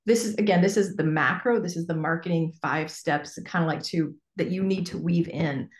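A woman business coach teaching a workshop in a chatty, animated way with lots of fillers. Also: fairly low pitch, moderate pace. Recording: echoey room.

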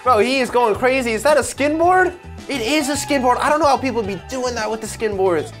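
A young man giving casual, slangy reaction commentary on short videos, full of quick exclamations. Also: very high-pitched, faint music behind.

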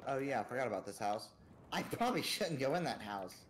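A man's voice: medium pitch, expressive, fast talker, slight background noise. A man co-hosting a podcast while playing a video game, chatting casually in a joking, boastful and rambling way. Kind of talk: casual gaming chat.

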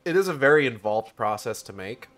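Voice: medium pitch, expressive, fairly quick, a bit bright, faint music behind. A streamer chatting casually while playing, rambling and trailing off. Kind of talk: casual game stream chat.

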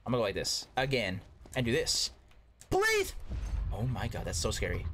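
A man giving casual gameplay commentary, excitable and talking to himself, yelping at close calls. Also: mid-range voice, moderate pace, a little hiss or hum. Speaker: gaming YouTuber.

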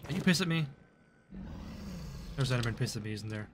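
A man's voice: medium pitch, lively intonation, fairly quick, noisy background. A man giving live gameplay commentary, chatting to the creatures on screen and breaking into startled outbursts. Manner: chatty, talks to game mobs, frequent startled outbursts. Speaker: gaming YouTuber.

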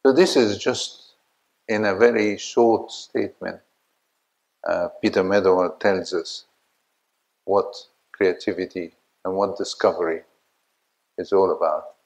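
An older man lectures in a very deep, low-pitched voice. He speaks slowly and haltingly, with many fillers, and stops now and then to put a question to his audience. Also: steady tone, gravelly, darkish tone, poor audio. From Egypt. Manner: slow, halting delivery with frequent fillers. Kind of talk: academic lecture.

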